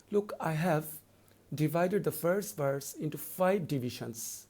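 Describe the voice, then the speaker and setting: Male lecturer, gravelly tone, patient repetitive teacher delivery. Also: fairly high pitch, expressive, a little mellow. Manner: deliberate, repetitive explaining, slows down to read verse lines. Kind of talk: recorded lecture.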